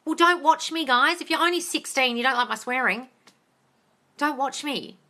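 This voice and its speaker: A woman's voice: sits high, moderate pace, pushed and bright. An Australian woman coaching on a live stream, answering viewer questions bluntly, swearing freely and calling people darling. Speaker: manifestation coach. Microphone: phone or tablet.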